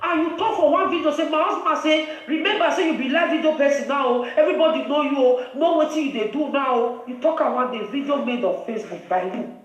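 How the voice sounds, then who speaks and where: A woman's voice: high voice, fast talker. Nigerian lady ranting on a live vid, preachy n scolding, sounds far off in a super echoey room. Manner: preachy, reproachful, emphatic. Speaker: live video host. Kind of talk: scolding live-video commentary.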